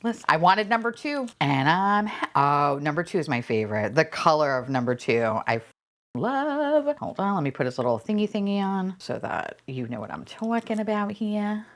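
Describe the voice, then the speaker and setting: A woman talks through a toy unboxing in a casual, excitable rush. Her pitch leaps all over the place as she gushes, curses playfully and breaks into squealing laughter. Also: normal speed. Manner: gushing, swearing, bursts of squealing laughter. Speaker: unboxing vlogger.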